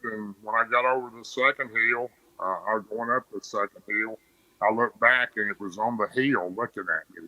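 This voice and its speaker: Bright dry-voiced man telling a story. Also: mid-range voice, dry recording, rough recording. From Tennessee. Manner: plain, rambling storytelling with restarts. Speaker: podcast guest. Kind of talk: casual storytelling.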